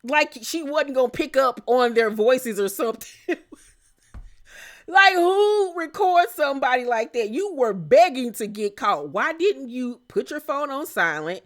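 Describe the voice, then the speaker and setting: A woman with a fairly high voice gives a casual recap of a reality TV episode. She talks with sass and animation, breaking into laughs and exclaiming as she reacts. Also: lively intonation, a little slow.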